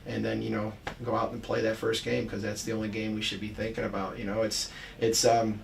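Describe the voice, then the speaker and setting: Low gravelly man telling stories. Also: monotone, brisk. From Buffalo, New York. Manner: rambling storyteller, many restarts and fillers. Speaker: college basketball head coach. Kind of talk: casual podcast chat. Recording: distant mic with faint background noise.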